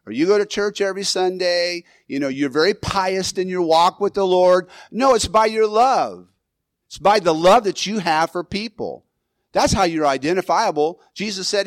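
A man's voice: sits high, normal speed, no room sound. A man preaching a sermon as pastor in a church, in a loose conversational way with restarts and the odd chuckle.

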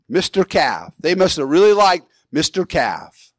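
A male pastor preaching a sermon, animated, acting out Bible figures in quick asides. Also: fairly high pitch, no room sound.

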